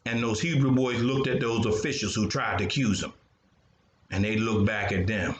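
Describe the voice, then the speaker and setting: An older man, a grandfather, telling a Bible story with lively delivery and sound effects. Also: lowish voice, moderate pace, roomy sound, dull audio.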